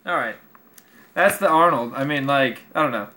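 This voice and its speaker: A man's voice: medium pitch, moderate pace, pushed and bright. A man vlogging as he builds a craft project, rambling casually and swearing freely as he mocks himself. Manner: rambling, profane, self-mocking.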